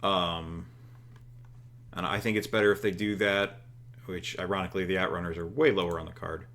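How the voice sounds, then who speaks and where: Low-voiced man thinking aloud. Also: steady tone, moderate pace, fairly bright tone. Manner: thinking aloud, joking, lots of fillers. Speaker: co-host. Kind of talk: casual chat while playing a booking game.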